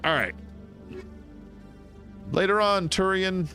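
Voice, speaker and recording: A male gaming streamer giving casual let's-play commentary. He rambles in a chatty way, his pitch rising and falling a lot, with light game music in the background. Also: animated, slow pace, sharp tone. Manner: chatty and rambling, with frequent fillers and laughs.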